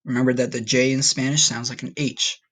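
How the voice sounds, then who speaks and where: A man's voice: medium pitch, level tone, a little fast, a bit bright. A man teaching a recorded Spanish lesson to his class, friendly and checking in often with "okay?". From United States.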